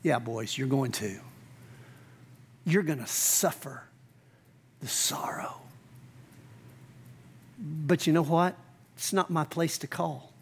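A preacher voicing Jesus as a calm, gently firm grown man, speaking quoted lines during a sermon. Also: mid-range voice, takes it slowly, pauses often, husky, voice pushed down. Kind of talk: sermon, acted quotation.

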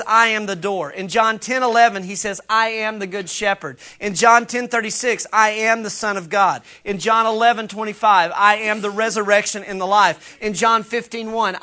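Guy pastor giving a sermon in church, bright clear voice, earnest and punchy, chats with the crowd sometimes. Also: high-pitched. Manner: earnest, emphatic preaching with conversational asides.

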